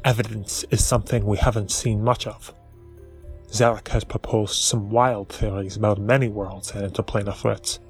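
A contemptuous older biomancer with a fishy, nasal whine and a low pitch, performed by a man. Faint music plays behind his snide remarks. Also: steady tone, moderate pace, lightly acted. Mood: sneering. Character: sneering older male fish-like biomancer.

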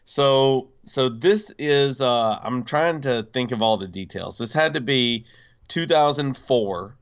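A man casually telling a personal story on a podcast, animated, with many fillers and acted-out quotes. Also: mid-range voice, slow, smooth, lo-fi sound. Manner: animated, acts out quoted voices, frequent fillers.

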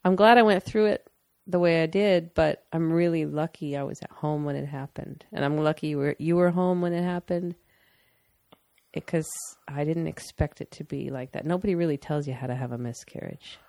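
Young woman, low gravelly voice, candid rambling chat, dry close sound; casual talk. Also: moderate pace, darkish tone, dry recording. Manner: candid, rambling, laughs often. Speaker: partner sharing a personal story. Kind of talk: casual conversation.

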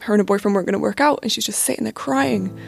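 Over background music, a young woman on a podcast shares a personal story at a racing pace, her medium-pitched voice carrying vocal fry. She's candid yet hesitant, leaning on fillers like "like" and "you know."

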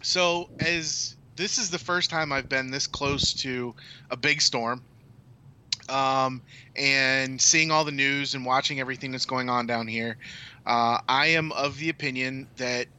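A man's voice: medium pitch, steady tone, a little slow, sharp tone, clean tone. A man on a casual podcast laying out his opinion with lots of ums and some swearing. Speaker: podcast co-host. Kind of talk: casual chat.

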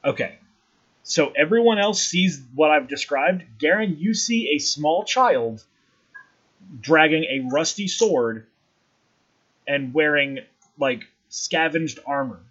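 Male game master for a tabletop session, slightly high and husky, calls rulings and narrates scenes; lo-fi sound. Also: animated, takes it slowly, fairly bright tone. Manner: describes scenes, rules on checks.

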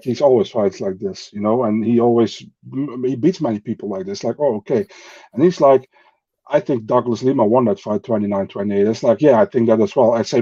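A man's voice: mid-range voice, mellow, husky, no room sound, highs cut off. A man from the Netherlands, a native Dutch speaker, talking bluntly as a podcast guest in casual chat, with non-native phrasing and swearing.

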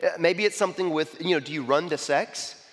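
Man, animated sermon-style talk, slightly high voice, long hall reverb. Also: brisk. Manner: animated, repeats "okay?" and "I mean", frequent restarts. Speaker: speaker giving a talk.

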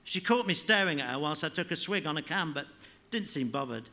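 A man reading his fiction aloud at a live literary event, in a measured, unhurried way. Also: fairly high pitch, expressive, bright, forceful tone. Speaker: author reading.

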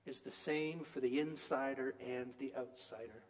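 A man preaching a sermon, retelling a story in an animated, emphatic storytelling manner. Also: medium pitch, moderate pace, big-room sound.

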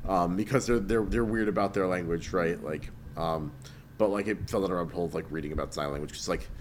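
A man's voice: low voice, quick pace, slight background noise. A man co-hosting a podcast in casual chat, meandering and hesitant, with many restarts and fillers. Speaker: podcast co-host.

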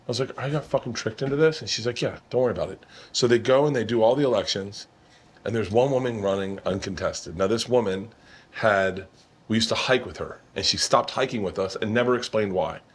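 A man's voice: on the low side, brisk, breathy edge. A middle-aged man hosting a casual podcast in a kitchen, telling a comic story with lots of swearing and acted-out quotes. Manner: animated, profane, acts out others' lines. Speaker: podcast host. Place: home kitchen.

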